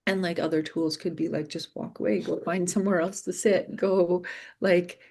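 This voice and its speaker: A woman teacher with a low, gravelly, husky voice chats casually. She talks in a loose, rambling way full of fillers and quick laughs. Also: steady tone, warm tone. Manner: chatty, many fillers and laughs. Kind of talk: casual discussion.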